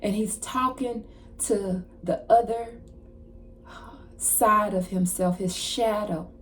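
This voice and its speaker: A woman card reader giving a casual channeled message, retelling a story in an animated way with slang and asides. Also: mid-range voice, slow, a little hiss or hum.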